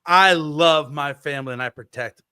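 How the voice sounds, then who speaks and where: A man's voice: a little high, moderate pace, smooth, no echo. A man in his thirties co-hosting a podcast, telling a story in casual chat and acting out the quotes on a close mic. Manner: animated storyteller, acts out quotes. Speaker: podcast co-host.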